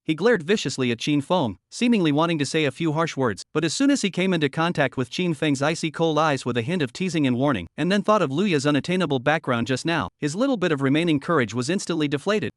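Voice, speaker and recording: A male narrator reads a story recap in a steady, matter-of-fact way. His voice sits a bit high and comes across close and dry, with no room sound. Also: quick pace, no room sound.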